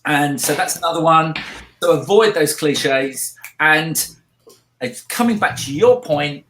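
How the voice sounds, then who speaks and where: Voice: mid-range voice, unhurried, a bit bright, slight background noise. A co-host with a South London accent explaining ideas from a book in casual chat, hesitant and full of restarts. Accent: British, South London. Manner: hesitant, many fillers and restarts while explaining. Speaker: podcast co-host. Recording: echoey room.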